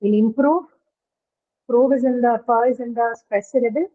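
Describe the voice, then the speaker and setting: Teacher on a tinny call. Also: female voice, on the high side, normal speed. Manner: explains step by step, asks students questions. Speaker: English phonetics teacher. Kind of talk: online class lecture. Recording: tinny phone-like call audio.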